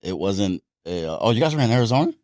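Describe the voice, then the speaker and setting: A man chatting on a talk show, voice bouncing lively between high and low. He laughs through his boxing stories. The sound is close and dry, with no room in it. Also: fast talker, dry recording. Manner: laughing storyteller, animated. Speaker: podcast co-host, boxer. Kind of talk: casual chat.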